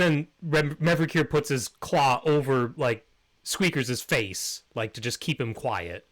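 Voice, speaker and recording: A man narrating as game master in a relaxed way, laughing often and pausing with ums. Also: mid-range voice.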